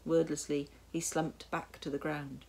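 A woman narrating a storybook tale in a measured, wry way. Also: sits low, level tone, gravelly, dark tone, slight background noise. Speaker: audiobook narrator.

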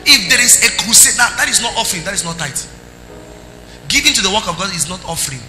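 High-voiced preacher in an echoey hall. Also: male voice, expressive, fast. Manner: emphatic preaching with sing-song rises and sudden soft drops. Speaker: pastor. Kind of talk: sermon. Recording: echoey hall with music underneath.

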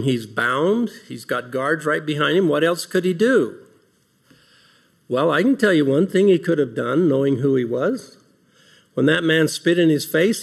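A man with a voice on the high side, slightly rough and marked by vocal fry, opens a devotional talk to a large audience. Earnestly, he asks rhetorical questions and reads passages of scripture aloud.

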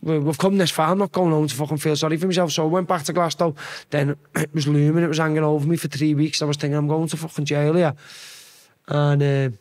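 A man's voice: on the high side, little pitch movement, quick pace, darkish tone. A young man with a Scouse accent, a podcast guest telling rambling, sweary stories with acted-out quotes. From Liverpool. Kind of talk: casual storytelling chat.

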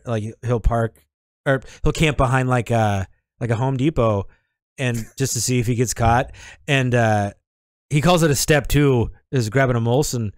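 A man's voice: medium pitch, dry recording, studio quality. A man co-hosting a podcast in casual chat, laid-back and rambling, with lots of likes and swearing. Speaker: podcast co-host.

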